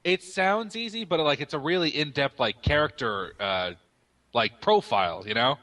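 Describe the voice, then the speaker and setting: A young man in a casual podcast chat, with a bright, slightly sharp tone. He explains things at length and pads his sentences with hesitant fillers. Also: a little high, animated, moderate pace. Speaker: podcast co-host.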